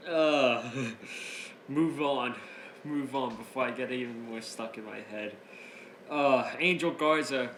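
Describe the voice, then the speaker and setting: A man reviewing a wrestling show in a casual recap. He is excitable and rambling, keeps restarting his sentences, and breaks up laughing as he retells the jokes. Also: mid-range voice, slight background noise. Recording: roomy echo, faint ambience.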